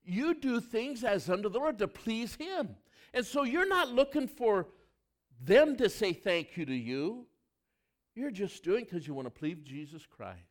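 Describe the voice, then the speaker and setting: Middle-aged male pastor, higher voice with a very lively pitch range, sermon delivery that moves between loud emphasis and hushed asides, questions the congregation directly. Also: unhurried.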